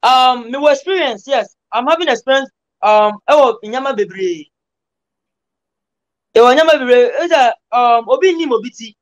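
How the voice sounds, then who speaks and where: A man's voice: extremely high pitch, animated, normal speed, low-quality recording. A Ghanaian man, an interview guest, talking in playful, rhythmic banter and slipping into chanted freestyle lines. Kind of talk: casual interview banter mixing Ghanaian Pidgin and Twi.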